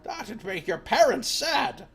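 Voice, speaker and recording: A stubborn, grumbling old villager from a video game, speaking in a high, drawn-out voice with plenty of swing in it. There is a husky, breathy grain to the voice, as a man performs him. Faint music plays underneath. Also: big pitch swings, a bit bright, exaggerated voice. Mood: cranky. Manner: high, slow, indignant cranky old-man voice. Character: cranky stubborn old male villager, hard of sight.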